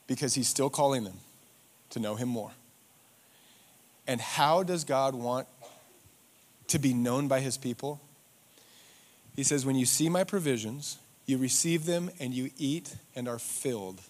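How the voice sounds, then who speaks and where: In church, a male pastor delivers a sermon that swings between loud rhetorical questions and hushed, slowed emphasis. His mid-range voice has lively intonation.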